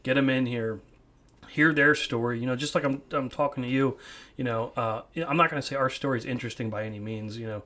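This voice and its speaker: A bright, forceful young man hosts a laid-back podcast from his home man cave. He rambles, trips over repeated words and breaks into laughs as he goes. His tone stays loose and chatty. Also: mid-range voice, quick pace. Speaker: podcast host. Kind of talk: casual chat.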